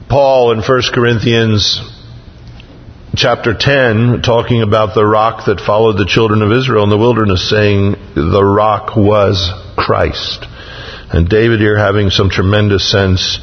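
Slow, low-voiced preacher man. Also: steady tone, in a large hall, dull audio. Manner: slow, reads scripture aloud with rising emphasis; folksy asides between verses. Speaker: pastor. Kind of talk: sermon.

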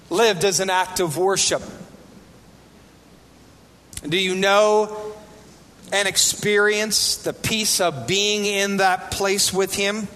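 Brief: male pastor, high voice, questioning sermon delivery, long hall reverb. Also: sharp tone. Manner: asks the congregation rhetorical questions. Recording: reverberant hall, faint background noise.

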